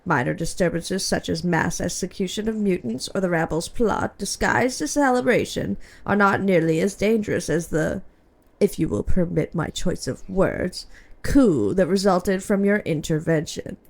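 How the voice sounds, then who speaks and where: A woman reading aloud the lines of a prim, cold female imperial bureaucrat in a formal, measured, coolly polite voice. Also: fairly low pitch, lively intonation, a little mellow. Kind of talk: reading game dialogue aloud.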